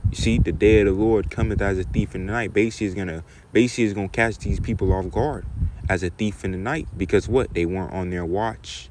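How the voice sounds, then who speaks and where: A man teaching from scripture, often ending phrases with "man" and "okay?", slowing down to read verses with emphasis. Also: lowish voice, noisy background. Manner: repeats "man" and "okay?" as tags, reads verses slowly and loudly. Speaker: preacher.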